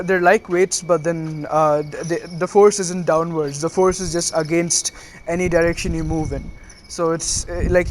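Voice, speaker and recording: Guy retelling fan fiction off the cuff, lots of uh's, kinda high voice. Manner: halting, full of uh fillers and restarts. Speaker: fan storyteller.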